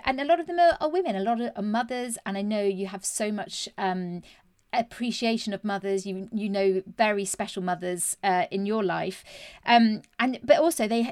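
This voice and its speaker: A woman's voice: mid-range voice, no room sound, clean studio sound. A woman hosting an interview podcast, asking long, meandering questions in a chatty way. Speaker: podcast host. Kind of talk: casual interview.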